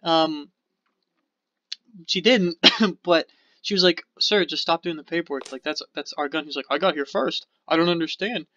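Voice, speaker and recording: A man's voice: on the high side, moderate pace, sharp tone, dry recording. A man co-hosting a casual podcast, telling a story in a rambling, profane way and acting out the people in it. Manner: rambling, profane, acts out quotes. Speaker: podcast co-host. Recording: dull lo-fi podcast audio.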